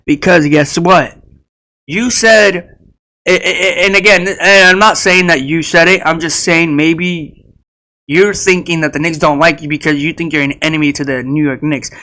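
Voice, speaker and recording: A man's voice: a little high, bright, forceful tone, rough recording. A man talking casually about upcoming basketball games, rambling with fillers and repeated phrases and speaking straight to players and fans. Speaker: sports video creator. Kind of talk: casual sports prediction talk.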